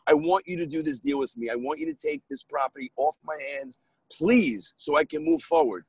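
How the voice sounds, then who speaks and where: Man from New York spinning a deal story on a podcast, animated and gravelly, a bit raised in pitch. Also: fairly quick, no room sound, low-quality recording. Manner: animated, acts out dialogue in his story. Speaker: guest real estate investor.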